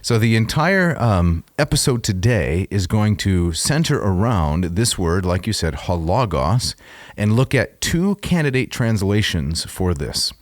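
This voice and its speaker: A man with a very deep voice leads a casual scholarly podcast discussion. He explains ideas in a measured, careful way. The recording is dry and close, with no room sound. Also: very animated, no room sound. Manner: measured, explanatory, reads out texts aloud. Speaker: podcast co-host.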